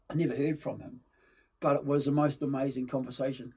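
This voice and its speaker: A man's voice: medium pitch, steady tone, fast, a little mellow, slightly rough. A middle-aged man, a guest chatting in an interview and telling rambling stories full of fillers and restarts. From New Zealand. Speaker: actor and film-maker guest. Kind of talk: casual interview chat, storytelling.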